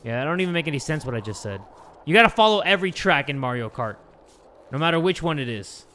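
Young male gamer host, high bright voice, goofy jokes and yelling at the screen. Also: big pitch swings, fast, a little hiss or hum. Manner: joking, loud outbursts and goofy asides. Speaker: gaming video host. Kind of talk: excited horror game let's play commentary.

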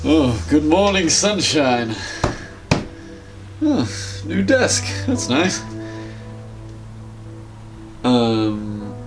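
A man's voice: a little high, big pitch swings, extremely slow, pauses often, over music, heavily acted. A man voicing a cheery, bewildered male Time Lord villain in a fan audio drama, chirpy and lightly puzzled. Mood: chirpy confusion.

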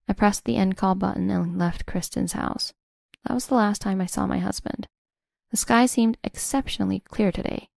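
A woman in scripted first-person narration of a revenge story, smug and measured. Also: mid-range voice, vocal fry, a little mellow, no echo, clean studio sound.

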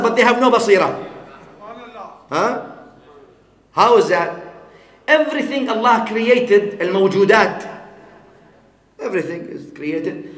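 High-voiced man preaching in an echoey hall. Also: fairly bright tone. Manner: teaching with examples, asks the audience "huh?" often; mixes Arabic words and phrases into English. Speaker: Islamic scholar giving a lecture. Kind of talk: sermon. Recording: echoey hall with long reverb.

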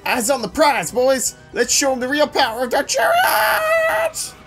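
A man voicing a cocky young villain with a high, sneering, taunting manner. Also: huge pitch swings, unhurried, a bit bright, shouting, soft background music, exaggerated voice. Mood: rallying.

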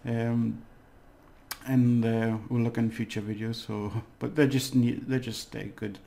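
A man's voice: mid-range voice, level tone, measured pace, creaky, mellow. A man teaching a casual video lesson, rambling and hesitant, with fillers and small jokes. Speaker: language teacher.

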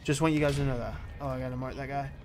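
A man giving excitable, swear-filled live commentary over his own online shooter match, trash-talking as he plays. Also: mid-range voice, rapid-fire, noisy background. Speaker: gaming YouTuber.

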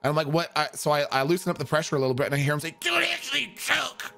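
A man telling an animated anecdote in a profane, emphatic way, acting out the quotes. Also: fairly high pitch, very fast. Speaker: roleplay streamer.

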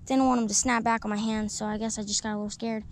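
A young woman fishing from a paddleboard, talking excitedly and coaching someone else as she goes. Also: on the high side, quick pace. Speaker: angler. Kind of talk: excited live fishing talk. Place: outdoors on a paddleboard. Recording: outdoor noise.

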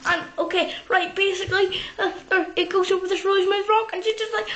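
High-pitched, excited woman rambling. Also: a little fast, hardly any pauses. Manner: rambling, full of fillers and sound effects. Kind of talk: excited retelling of a film scene. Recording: echoey room, poor quality.

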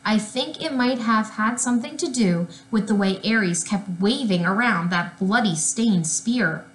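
A woman reading a children's chapter book aloud in an unhurried, lively storytelling manner. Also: medium pitch, echoey room, a little hiss or hum. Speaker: reader.

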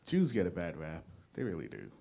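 A man's voice: sits low, gravelly, dark tone. A young man doing a stand-up comedy set, rambling and self-deprecating, often stopping and restarting his sentences. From New Jersey. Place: small studio with a live audience.

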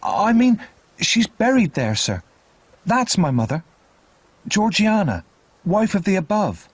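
A man's voice: high-pitched, sing-song, slow pace, slightly rough, no room sound, voice pushed up, full character voice. A man voicing a frightened small boy who pleads politely with a stranger.

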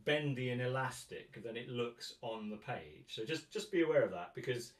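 A man's voice: medium pitch, lively intonation, moderate pace. Roomy male guitar teacher, chatty. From England. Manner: chatty, counts and sings rhythms aloud. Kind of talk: masterclass teaching. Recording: roomy sound, mic at a distance.

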